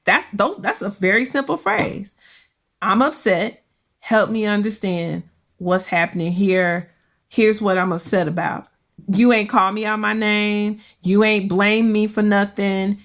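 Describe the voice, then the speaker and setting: A woman's voice: mid-range voice, unhurried. A woman hosting a career podcast, talking in an emphatic, colloquial way with repeated phrases for emphasis. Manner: emphatic, colloquial, preacher-like repetition. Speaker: podcast host. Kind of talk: casual podcast chat.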